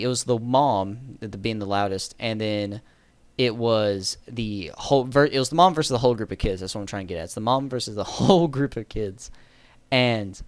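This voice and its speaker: Give me a man casually telling a story, rambling and self-correcting, in a smooth, clear voice. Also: mid-range voice, no room sound. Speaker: storyteller vlogger.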